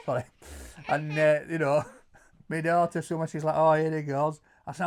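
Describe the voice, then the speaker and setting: A middle-aged man with a Yorkshire accent telling stories in casual chat, animated, stumbling over repeated words and loudly acting out quotes. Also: on the high side, fairly quick. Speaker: co-host answering viewer questions.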